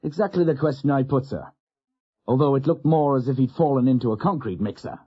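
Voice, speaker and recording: Blunt, amused ship's doctor, husky, dull lo-fi tone, as read by a man. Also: medium pitch, a little fast, voice pushed up, lightly acted. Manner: wry, blunt, storytelling. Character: ship's doctor, man, middle-aged, wry and outspoken.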